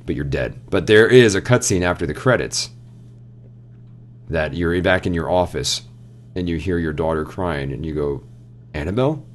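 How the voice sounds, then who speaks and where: A man's voice: sits low, normal speed. A young man co-hosting a casual chat show, animatedly retelling a story and quoting characters along the way. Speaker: podcast co-host.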